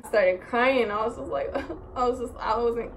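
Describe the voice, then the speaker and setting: A young woman with vocal fry and a voice on the high side vlogs a rambling, animated story at a moderate pace. She uses "like" and "so" constantly and swears in exasperation; faint background noise is present.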